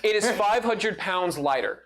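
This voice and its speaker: A man's voice: high-pitched, expressive, unhurried, heavy background noise. A man narrating a live tabletop game as game master, rambling with many fillers and frequent laughs.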